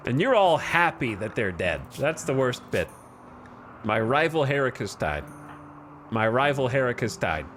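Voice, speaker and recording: A man's voice: mid-range voice, very animated, a little slow, a bit bright, a little hiss or hum. A man voicing a stern male colony leader with a Birmingham accent, delivering a theatrical, scolding eulogy. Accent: Birmingham, England.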